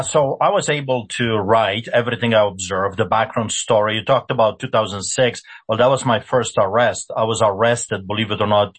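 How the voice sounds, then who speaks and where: Man, slightly husky, mid pitch, pastor guest, earnest indignant answers. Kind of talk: interview answer.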